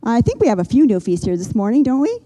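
An older woman preaching a sermon, earnest and gentle, slowing down and pausing for emphasis. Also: a little high, sing-song, rough recording. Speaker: pastor.

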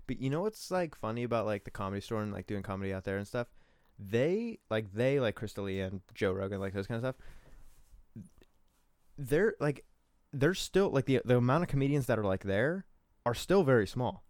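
A young man in a casual podcast chat, excitable and swearing, full of fillers. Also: mid-range voice, moderate pace, dry recording, studio quality.

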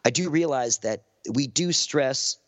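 A man's voice: mid-range voice, unhurried, a bit bright, no room sound. A man with a Southern Californian accent, a podcast guest chatting in a laid-back, rambling way with many fillers. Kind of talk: casual podcast chat. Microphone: close podcast mic.

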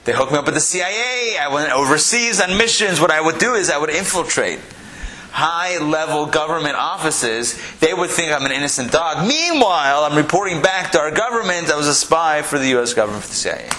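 A man's voice: on the high side, expressive, a little fast, pushed and bright, a little hiss or hum, rough recording. A man voicing a talking dog, a retired spy who tells his life story in a boastful, matter-of-fact way. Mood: proud.

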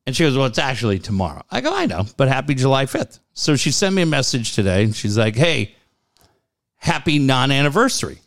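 A man's voice: medium pitch, sing-song, a little fast, a bit bright. A man in his forties telling a long family story in casual chat, laughing often and repeating "I go".

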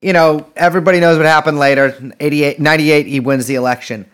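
Quick, clear and resonant, his higher-pitched voice stays fairly even in intonation and fairly bright. He's a podcast co-host in loose, joking conversation, often starting over and cursing along the way.

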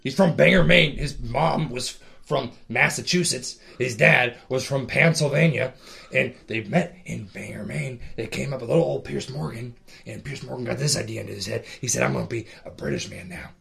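A man putting on a paranoid conspiracy broadcaster who rambles on with total earnestness and keeps working himself into emotional outbursts. His voice is thick with gravelly fry at a middling pitch. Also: normal speed, a bit bright. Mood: conspiratorial. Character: blustering paranoid conspiracy talk-show man. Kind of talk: improv comedy impression.

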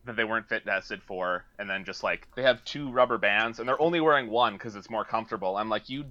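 A man's voice: on the low side, a little fast, bright, forceful tone, lo-fi sound. A man from Alberta, Canada, a podcast guest chatting casually and swearing freely, laughing often over a remote call. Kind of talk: casual chat.

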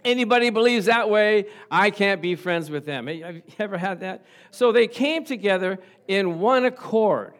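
A middle-aged man preaching a sermon as pastor, animated and calling out for amens. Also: sits high, normal speed, few pauses. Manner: animated, asks the congregation for amens. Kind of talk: lively sermon.

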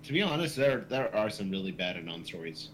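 A man co-hosting a podcast, laughing as he tells an embarrassing story. His voice is mid-pitched and lively. A faint hiss sits under the recording. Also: fairly quick. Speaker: podcast co-host. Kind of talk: casual group chat.

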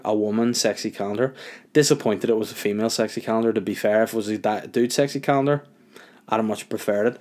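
A young man telling a story in a casual, animated rant, incredulous and full of fillers. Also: mid-range voice.

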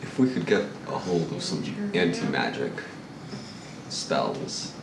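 A man with a very deep voice speaks matter-of-factly as a player in a tabletop game. He sounds roomy and distant, with noise underneath. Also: animated, slow, creaky. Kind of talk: casual tabletop play.

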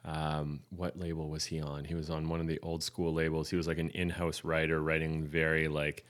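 A man's voice: rumbling low, little pitch movement, normal speed. A man co-hosting a podcast in casual chat, laid-back with brief replies. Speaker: podcast co-host.

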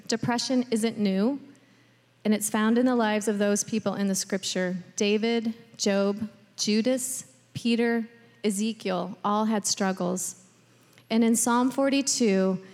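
A female pastor preaching a sermon in an earnest, personal way. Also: medium pitch. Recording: hall reverb.

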